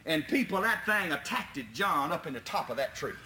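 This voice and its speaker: Animated storyteller man. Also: a little high, fairly quick. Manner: animated, chuckling, folksy. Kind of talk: folksy tall-tale storytelling. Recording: roomy echo, faint background noise.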